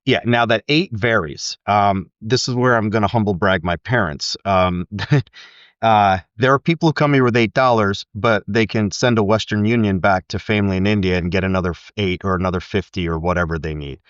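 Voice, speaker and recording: A middle-aged man with a very low voice speaks in a reflective, candid way, pausing on fillers. The sound is dry and a little dull. He talks as an interview guest. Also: no echo. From United States. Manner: thoughtful, candid, with frequent fillers and soft laughs.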